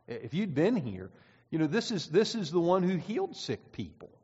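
Guy preaching in a church, kinda high voice, chatty, repeats himself, muffled recording with long hall echo. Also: sing-song, moderate pace, darkish tone, husky. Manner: conversational, repeats words, reads scripture aloud. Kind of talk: sermon. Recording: dull sound with long hall reverb.

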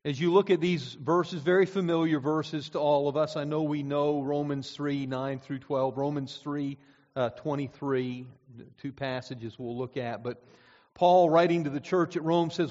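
A man preaching a sermon, measured and deliberate, slowing down to stress key words. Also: on the high side, fairly even intonation, a little mellow. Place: church auditorium. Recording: dull recording in a reverberant hall.

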